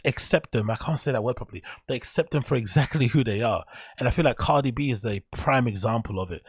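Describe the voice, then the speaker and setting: A man's voice: mid-range voice, vocal fry, breathy edge, no echo. A man hosting a solo podcast, giving rambling, opinionated commentary. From England. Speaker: show host.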